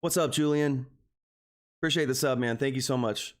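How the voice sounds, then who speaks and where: Speaking at a normal pace with a medium-pitched voice, a Texan stock trading livestreamer talks to his audience in a loose, rambling way. He's earnest and emotionally open, and he keeps addressing everyone as "guys."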